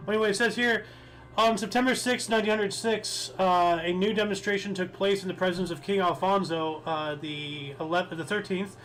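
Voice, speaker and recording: A man's voice: high-pitched, fairly even intonation, fairly quick, a bit bright, low-quality recording. A young man co-hosting a history podcast, reading dates with small stumbles and joking casually. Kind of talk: casual chat.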